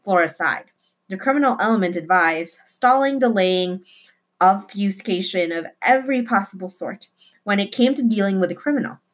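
A woman reading a children's novel aloud with expressive delivery, slowing down for emphasis. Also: medium pitch. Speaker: reader.

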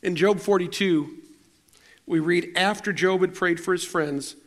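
A middle-aged man with a fairly high voice delivers a storytelling sermon. He talks to the congregation in a loose, conversational way, often restarting sentences and poking fun at himself. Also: a little slow, fairly bright tone. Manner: conversational and self-deprecating, with frequent restarts. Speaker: preacher.

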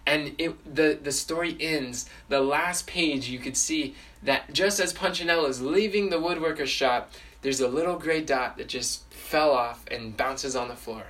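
A man's voice: on the high side, a little slow, a bit bright, distant mic. Rambling man retelling a story. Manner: rambling, frequent restarts and fillers. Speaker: storyteller sharing a testimony.

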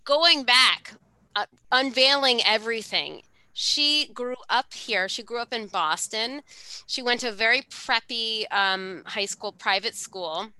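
A woman co-hosting a podcast, telling a gossip story in casual chat with quick, animated asides. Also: a little high, clean tone, no room sound. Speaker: podcast co-host.

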